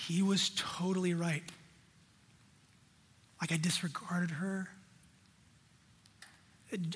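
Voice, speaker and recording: A man delivers a sermon in a hall with a long, ringing reverb. His voice sits high and bright, with a husky edge. He talks to the congregation in a direct, conversational way. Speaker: pastor.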